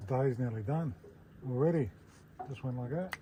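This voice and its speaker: A man's voice: medium pitch, moderate pace. Laid-back man fishing from a boat. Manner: laid-back, muttered asides while fishing. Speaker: fishing vlogger. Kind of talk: casual fishing commentary to camera. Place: outdoors on a small boat on a river. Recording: loud wind and water noise outdoors. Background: boat and water noise.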